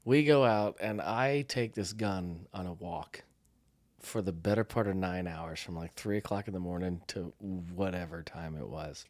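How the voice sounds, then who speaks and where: A man's voice: deep voice, moderate pace, no room sound. A middle-aged man from the United States, co-hosting a podcast and telling a story in casual chat, acting out the voices of the people in it. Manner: animated storyteller, acts out quotes. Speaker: podcast co-host.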